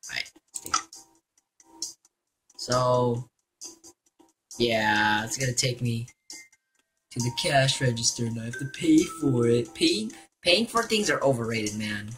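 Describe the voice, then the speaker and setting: A young man giving excitable, jokey commentary while playing a video game. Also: medium pitch, slow, long pauses, faint music behind. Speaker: gaming YouTuber. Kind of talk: gameplay commentary.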